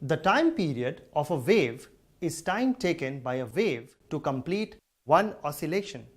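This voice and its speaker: A man's voice: on the high side, very animated, measured pace. A man patiently explaining sound waves in a scripted educational dialogue. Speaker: science explainer.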